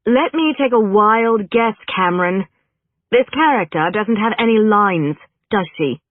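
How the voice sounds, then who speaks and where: A narrator voicing a sharp-tongued young actress woman who answers with quick, indignant retorts. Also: medium pitch, big pitch swings, no room sound, pitched above the performer's own voice. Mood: exasperated. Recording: narrow phone-like band, dry.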